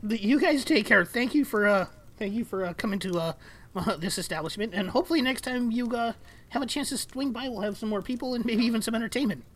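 A woman's voice: on the high side, fast talker, natural voice. A woman voicing a flustered, stammering tavern keeper in tabletop role-play.

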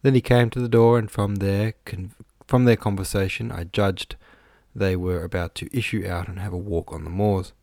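A man reading a novel aloud in the first person, measured and even. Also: low voice, no echo, studio quality. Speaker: audiobook narrator.

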